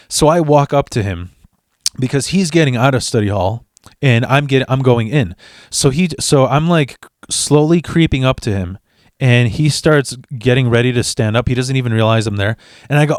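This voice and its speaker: A man's voice: medium pitch, moderate pace, no room sound, clean studio sound. A man hosting a podcast, telling a story in a fired-up, profane way, tripping over restarts. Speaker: podcast host. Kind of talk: casual storytelling. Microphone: studio mic.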